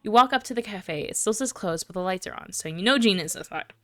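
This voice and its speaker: A woman's voice: medium pitch, animated, fast talker, no room sound. A woman streamer reading a story game aloud, with chatty, self-deprecating asides.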